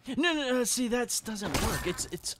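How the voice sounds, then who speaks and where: A young man giving excited gameplay commentary while hosting a hide and seek game, laughing often and scolding players. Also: extremely high pitch, a little slow, noisy background.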